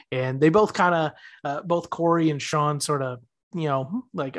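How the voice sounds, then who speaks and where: A man's voice: on the high side, fairly quick. A man in his thirties co-hosting a podcast, chatting casually and acting out characters' lines as he retells scenes. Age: 30s. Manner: animated, acts out characters' lines while retelling. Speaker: podcast co-host. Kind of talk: casual chat recapping a TV episode.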